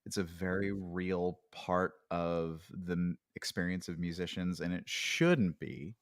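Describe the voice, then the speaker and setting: A man's voice: low voice, fairly even intonation, unhurried, no room sound, clean studio sound. A man talking as a podcast guest in casual conversation, reflective and hesitant, with many fillers and restarts.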